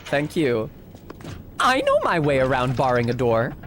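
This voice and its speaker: A man's voice: mid-range voice, huge pitch swings, measured pace, a bit bright, slight background noise. A young man streaming a video game, commenting in a sarcastic, rambling way. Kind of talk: let's-play commentary.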